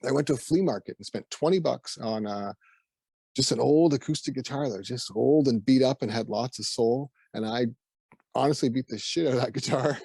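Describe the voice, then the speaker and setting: A man's voice: mid-range voice, creaky, a little mellow, husky, no echo. A Canadian man with a Canadian accent, a musician guest telling stories in a casual interview and laughing often. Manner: laughs often, acts out quoted voices.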